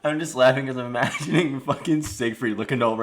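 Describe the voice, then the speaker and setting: A man's voice: medium pitch, brisk, hardly any pauses. A man playing a tabletop game with friends, joking and laughing easily in casual chat.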